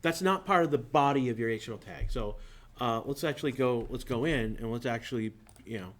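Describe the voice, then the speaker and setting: A man's voice: mid-range voice, a little fast. A man from southern New England teaching a class, talking in a loose, rambling way that drifts off on tangents. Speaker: instructor. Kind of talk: classroom lecture.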